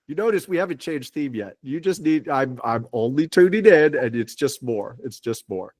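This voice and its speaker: A man offers gentle spiritual guidance over a video call. He is reassuring and pauses often to restart his sentences. His voice sits at an ordinary pitch and sounds dry, with no room echo. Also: animated. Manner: reassuring, halting with frequent restarts. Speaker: spiritual guide giving readings.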